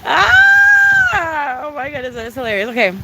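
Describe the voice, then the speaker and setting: A woman's voice: sits high, lively intonation, normal speed, heavy background noise. A young woman chatting live with viewers in a bubbly, profane way. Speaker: livestreamer. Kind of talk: casual live chat. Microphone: phone.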